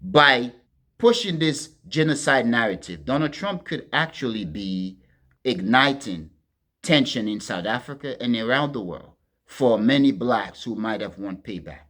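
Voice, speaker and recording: A man hosting a political commentary monologue, talking to his listeners as friends in a deliberate, emphatic way and leaning hard on key words. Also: mid-range voice, lively intonation. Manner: deliberate, addresses listeners as friends, stresses words with sharp swings in loudness.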